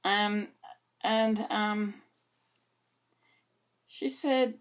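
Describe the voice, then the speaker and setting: With the camera facing her mirror-style, this vlogger chats in a wandering, offhand way and makes little remarks to herself. Her medium-pitched voice is unhurried and slightly mellow.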